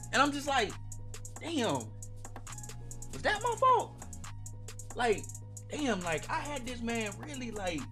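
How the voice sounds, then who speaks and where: A young man telling a casual storytime to his viewers, slangy and animated, talking straight to the audience. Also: sits high. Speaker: storytime vlogger.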